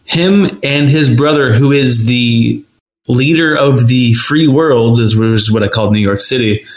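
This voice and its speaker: A man's voice: mid-range voice, unhurried. Sarcastic rambling man in an echoey room. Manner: rambling, sarcastic, laughing often. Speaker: podcast host. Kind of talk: casual profane commentary.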